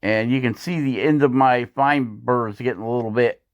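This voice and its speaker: A man talks through his carving work in a relaxed, rambling manner and often chuckles as he goes. His voice sits at a mid pitch for a man. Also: normal speed, muffled recording. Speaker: woodcarving channel host. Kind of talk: voice-over narration of a carving video.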